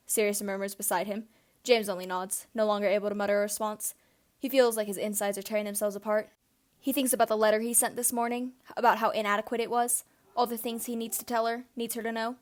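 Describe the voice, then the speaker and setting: A woman narrating a fan story aloud in an expressive, gentle reading voice. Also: mid-range voice, fast. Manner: gently expressive, shifting for each character. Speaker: fanfiction reader.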